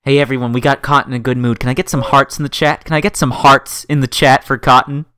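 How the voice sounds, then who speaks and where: A man's voice: medium pitch, steady tone, fast, sharp tone, smooth, dry recording, studio quality. A man hosting a livestream, affectionate and upbeat as he hypes the chat. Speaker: host.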